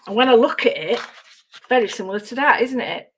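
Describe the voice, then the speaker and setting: A middle-aged woman demonstrating a craft on a live stream, chatting and mocking herself as she works, her voice going hoarse. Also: fairly high pitch, brisk, fairly bright tone. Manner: chatty, self-mocking, talks to herself while working.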